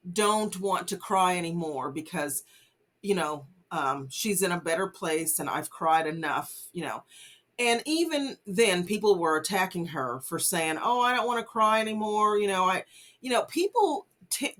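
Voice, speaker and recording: Woman vlogger, mid-pitched, earnest casual commentary with lots of fillers. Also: a bit bright. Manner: earnest, many fillers, urges listeners not to judge. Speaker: vlogger host. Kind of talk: casual commentary on a news case.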